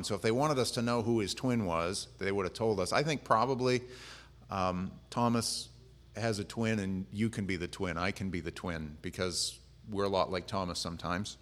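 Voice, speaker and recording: A man's voice: on the low side, fairly bright tone. A pastor preaching a conversational sermon in a casual, humorous way, often acting out the lines he quotes.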